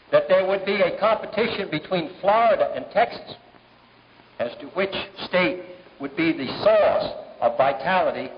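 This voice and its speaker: A middle-aged man giving a formal political speech at a fundraiser, measured and pausing often with "uh" between phrases. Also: high-pitched. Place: large banquet hall. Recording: dull 1960s archive recording, long hall reverb, faint hiss.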